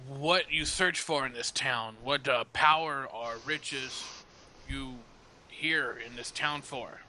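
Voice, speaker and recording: Bright-voiced slow male player. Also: medium pitch, a little hiss or hum. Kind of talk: casual game chat.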